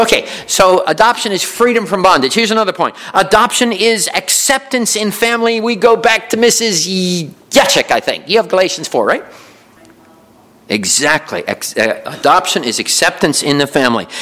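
A man preaching a sermon in a church, lively and conversational, laughing now and then and repeating himself as he builds a point. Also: on the high side. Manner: lively preaching with chuckles and repetitions. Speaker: pastor. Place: church sanctuary.

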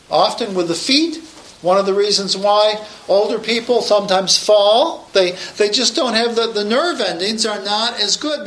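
High, bright-voiced preacher. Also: male voice, echoey room, low-quality recording. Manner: emphatic, raises voice to proclaim. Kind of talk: sermon.

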